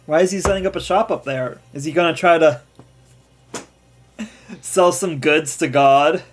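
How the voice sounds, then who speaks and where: Male let's player, a touch high, rambly, laughs a lot while he plays. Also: measured pace. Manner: chatty, laughs often, trails off and restarts. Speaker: let's play streamer. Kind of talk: casual gameplay commentary.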